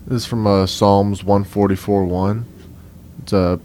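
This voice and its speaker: Young Cajun male guest, very low voice, relaxed, lots of "um" and "like", slight hiss. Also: measured pace. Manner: easygoing, many fillers like "um" and "like". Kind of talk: conversational interview.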